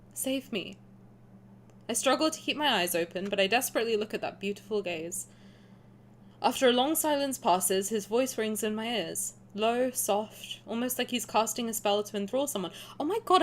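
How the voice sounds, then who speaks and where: A woman's voice: medium pitch, slight background noise. Chatty young woman streamer reading aloud. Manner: animated, chatty, laughs often, reads aloud then riffs. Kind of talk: game playthrough, reading narration and reacting.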